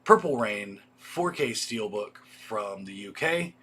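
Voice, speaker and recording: A man's voice: fairly low pitch, expressive, slow, sharp tone, a little hiss or hum. A man hosting a casual livestream, reading off a list of titles with offhand asides. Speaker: video store host. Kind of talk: casual livestream product rundown.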